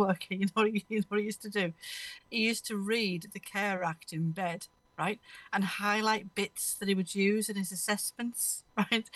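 A woman's voice: medium pitch, fairly bright tone, dry recording. A woman hosting a radio show, chatting casually and telling rambling anecdotes, often laughing mid-story. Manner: rambling, anecdotal, laughs through her stories. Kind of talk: casual chat.

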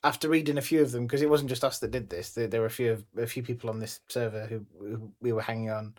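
A podcast co-host in casual chat, rambling and repeating words while thinking out loud. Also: mid-range voice, fairly even intonation, fast.

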